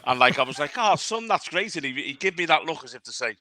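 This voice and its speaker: Bright-voiced storyteller. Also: male voice, medium pitch, very fast. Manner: storytelling, sentimental, laughs often. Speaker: podcast co-host. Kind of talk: casual chat.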